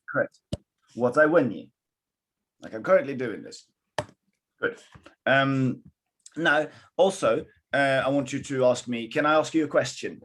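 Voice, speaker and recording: A man's voice: mid-range voice, expressive, measured pace, long pauses, fairly bright tone, a little hiss or hum. A man teaching a live online Mandarin lesson, switching between English and Mandarin and coaching a student encouragingly. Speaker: Chinese teacher.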